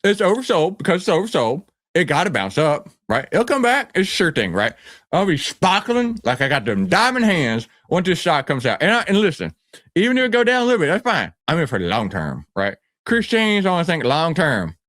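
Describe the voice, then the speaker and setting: A man's voice: fairly high pitch, sing-song, a little fast, a bit bright, no room sound, clean studio sound. A man playing a brash, boastful stock-hype guru who talks in swaggering slang and rambles. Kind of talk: comedic character skit.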